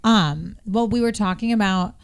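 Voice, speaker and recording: A woman's voice: mid-range voice, moderate pace, gravelly, smooth. An American woman co-hosting a podcast, chatting casually and rambling with lots of "like". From United States. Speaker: podcast co-host. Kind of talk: casual chat.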